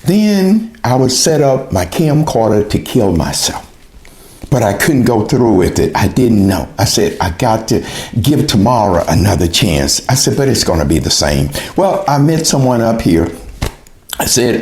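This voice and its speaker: A man's voice: medium pitch, big pitch swings, a little slow, a little mellow. Man telling an emotional testimony, roomy echo. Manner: earnest, retells his own pleas to God in quoted speech. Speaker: personal testimony speaker.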